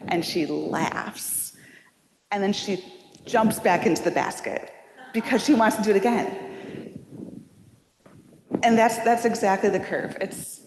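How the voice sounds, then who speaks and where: A woman's voice: medium pitch, a little slow, long pauses. A woman giving a public lecture, casual and self-deprecating, with many fillers and restarts. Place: lecture hall. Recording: reverberant hall, audible background noise.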